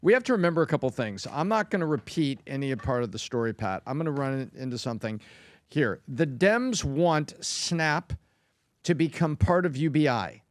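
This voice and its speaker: A man's voice: on the high side, lively intonation, normal speed, dry recording. A man speaking as a podcast panelist in a casual debate, rambling and argumentative.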